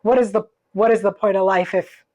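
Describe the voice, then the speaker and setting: A woman's voice: mid-range voice, fairly even intonation, brisk, a little mellow. A woman appearing as a podcast guest, speaking in a thoughtful way and picking up the conversation thread. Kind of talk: casual chat.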